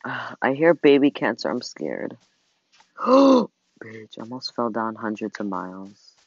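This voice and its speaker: A gamer chatting casually while playing with a friend, excitable and teasing, often gasping and squealing. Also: medium pitch, moderate pace, gravelly. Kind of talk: casual gameplay chat. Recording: dull lo-fi recording.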